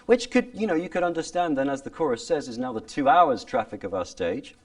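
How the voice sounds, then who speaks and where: A man explaining the old pronunciation in an animated way, sometimes stopping to demonstrate lines of verse. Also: mid-range voice, a little fast, recorded from a distance. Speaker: speaker on original pronunciation. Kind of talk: lively explanatory talk with reading demonstrations.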